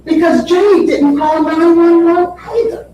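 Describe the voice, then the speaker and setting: A woman defense attorney giving a courtroom opening statement, deliberate and emphatic, repeating phrases for effect. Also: very high voice, fairly even intonation, mellow, a little hiss or hum. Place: large courtroom. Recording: very echoey courtroom audio from far off.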